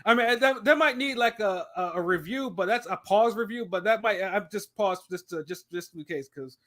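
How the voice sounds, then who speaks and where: A man co-hosting a podcast who jokes in a halting, hesitant way. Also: high voice, a bit bright. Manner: hesitant, joking, halting restarts. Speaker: podcast co-host. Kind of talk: casual rant chat.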